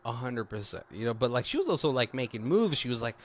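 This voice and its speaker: Male podcast host retelling a film scene by scene, loose and profane, with a lively voice over faint background noise. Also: medium pitch, fast. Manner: profane, laughing, retells scenes doing quoted lines. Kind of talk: casual movie review chat.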